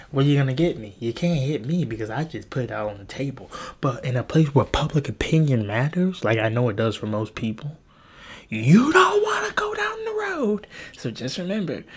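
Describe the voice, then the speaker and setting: A young man talking alone on his podcast with a lively voice that swings up and down. He rambles and swears and mocks himself. His voice is a little husky. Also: mid-range voice. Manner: crude, animated, rambling and self-deprecating. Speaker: podcast host. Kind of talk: solo podcast rant. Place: home with a loud family nearby.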